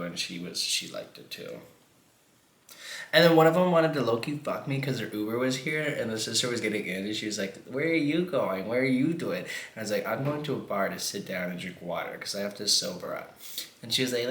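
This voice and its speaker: Eating on camera for a mukbang vlog, this man rambles through a story, swearing and laughing a lot. His voice is on the low side but a bit bright, and the room echoes.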